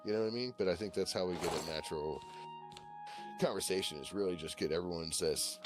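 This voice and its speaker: A man's voice: deep voice, quick pace, music in the background. A man from Virginia chatting on a voice call, rambling and swearing, with lots of "you know" and "like". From Virginia, USA. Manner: rambling, profane, full of fillers. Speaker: voice-call participant. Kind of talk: casual chat on a voice call.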